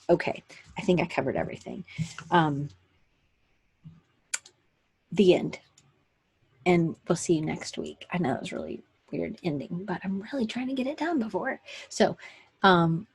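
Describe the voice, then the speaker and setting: A woman's voice: lowish voice, darkish tone, husky. A woman hosting a weekly online session for creatives, chatting casually and rambling with fillers and self-corrections into a computer microphone. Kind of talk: casual live-stream talk.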